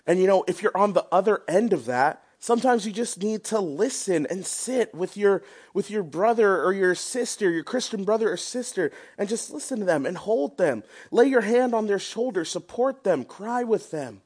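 A man's voice: sits high, animated, moderate pace, hardly any pauses, a little mellow, husky. A young man preaching a sermon in an earnest, conversational way, with a prayer and casual asides to the people around him.

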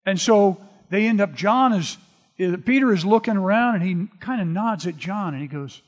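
A man preaching a sermon, retelling scripture in a relaxed, conversational storytelling way. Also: high-pitched, moderate pace. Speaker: pastor. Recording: long reverb of a large hall.

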